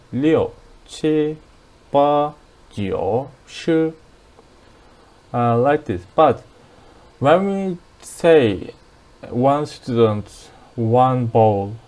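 Man, Turkish accent, language teacher, very slow, mellow dark tone, patient drills. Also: medium pitch. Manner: patient, repeats words and drills aloud. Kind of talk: slow explanatory lesson.

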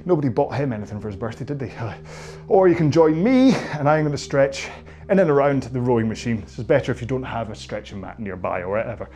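A man's voice: mid-range voice, animated, fast talker, mellow, slight background noise. Chatty Scottish man coaching stretches. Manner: chatty, joking and self-mocking. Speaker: indoor rowing coach. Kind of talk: guided stretching class, casual chat.

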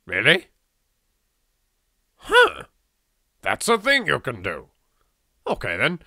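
Excitable British let's-play host, bright and lively, with faint game music under him. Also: male voice, medium pitch, vocal fry, dry recording, clean studio sound. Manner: excitable, chatty, quick to exclaim. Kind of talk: casual gameplay commentary.

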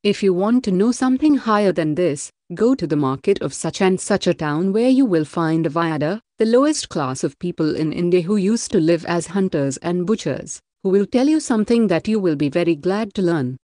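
A woman reading the part of a humble, wise housewife with steady, plain delivery in an audiobook. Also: fairly low pitch, moderate pace, hardly any pauses, no echo, studio quality, lightly acted. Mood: explaining.

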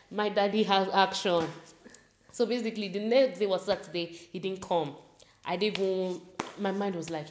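A woman's voice: mid-range voice, fairly quick. Nigerian woman telling a story in an echoey room. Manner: animated, mixes in pidgin, laughs while telling. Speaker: vlogger. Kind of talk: casual storytelling chat.

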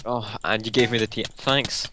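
A man gaming with friends, firing off fast dry jokes. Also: fairly low pitch, steady tone, sharp tone, slight background noise. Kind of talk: casual gaming chat.

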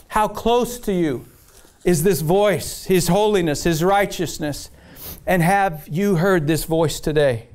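High-pitched man preaching with fervor. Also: clean tone. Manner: impassioned preaching with repeated phrases and scripture readings. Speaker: pastor. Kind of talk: sermon.

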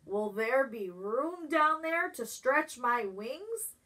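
Give a proud, sharp-eyed eagle who speaks loudly and confidently, as a woman puts him on. Her voice stays high and bright, with a slow storybook pace. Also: very animated, exaggerated voice.

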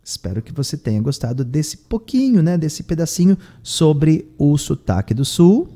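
A Brazilian Portuguese-speaking man hosts an English lesson, translating each line in turn. His voice is mellow and fairly high for a man. The pitch moves around a lot as he explains. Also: sing-song, normal speed. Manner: translates line by line, tags phrases with "tá?". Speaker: English teacher and host.

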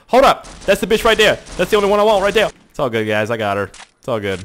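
A man's voice: mid-range voice, quick pace, slight background noise. A young man from Canada giving crude, joking gameplay commentary with lots of swearing. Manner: crude, joking, swears a lot, lively outbursts. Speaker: gaming YouTuber.

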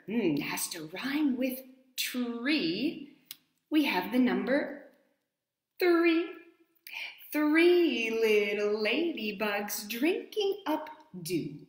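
Gentle sing-song woman telling children's stories. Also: fairly high pitch, sing-song, very slow. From New York State, US. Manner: gentle, playful, sing-song counting rhyme. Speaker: storyteller and dance educator. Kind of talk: children's story time with movement. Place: home in Italy, echoey room. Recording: echoey room.

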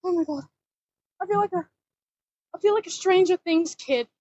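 A woman's voice: very high voice, moderate pace, darkish tone, dry recording. A woman cosplay vlogger talking casually while riding a bike outdoors. She is nervous and keeps exclaiming, and is recorded on a phone strapped to the bike. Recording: dull lo-fi phone audio.

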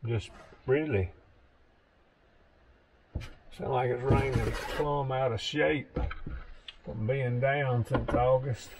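A man's voice: medium pitch, fairly even intonation, slow, long pauses, heavy background noise. A man with a Southern US accent talking casually to viewers while building something, folksy and chatty, a bit out of breath. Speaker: vlogger. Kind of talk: casual DIY vlog talk.

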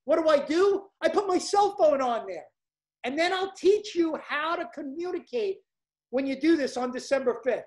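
A woman with a Brooklyn accent giving an emphatic, hyped-up seminar sales pitch as a coach. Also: animated, moderate pace, darkish tone.

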